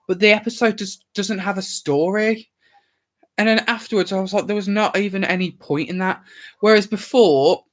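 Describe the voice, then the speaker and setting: Speaking to camera in a casual way, this twenty-something host from England's Worcestershire area has a light Birmingham accent, strong opinions, and no qualms about swearing. His voice sits high with a fairly bright tone, though the audio is poor.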